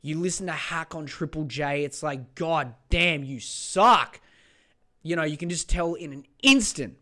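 A man's voice: on the high side, moderate pace, pushed and bright. A man hosting a podcast, ranting in a sweary, exasperated, rambling way. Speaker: podcast host. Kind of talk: casual rant.

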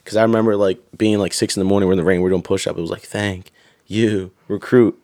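A young man telling stories in a casual chat, animated and swearing, acting out drill instructors. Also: sits low, very fast, no room sound. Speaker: guest.

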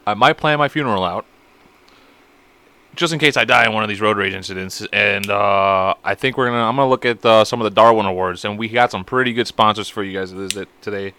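A man's voice: lowish voice, fast, bright, forceful tone, clear, resonant tone, dry recording. A man hosting a podcast alone, rambling in a crude, profane, self-mocking way. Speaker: podcast host. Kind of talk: casual solo podcast chat.

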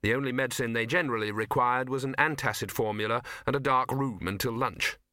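A man narrating a comic fantasy audiobook with expressive storytelling. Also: mid-range voice, brisk, no room sound, clean studio sound. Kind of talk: scripted narration.

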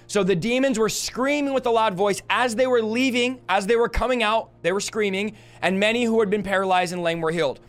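A man's voice: sits high, a bit bright. A young man, a deliverance minister, teaching earnestly on a livestream with lists and rhetorical questions.

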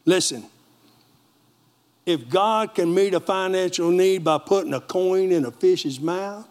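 A middle-aged male pastor delivers a sermon, telling a story with energy and turning to the congregation for responses. His voice sits high for a man. He preaches with a lively, storytelling manner.

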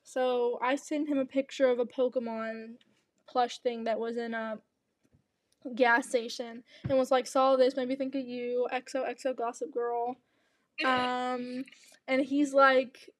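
Chatty high-voiced young woman, dry close sound. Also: little pitch movement, unhurried, no room sound. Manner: chatty, rambling storytelling with many restarts. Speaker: podcast co-host. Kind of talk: casual chat.

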